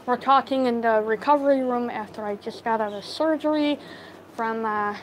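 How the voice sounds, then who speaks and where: A woman telling a story casually to live viewers on her phone, halting, with many fillers and restarts. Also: a little high, a little hiss or hum, poor audio. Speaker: livestream storyteller.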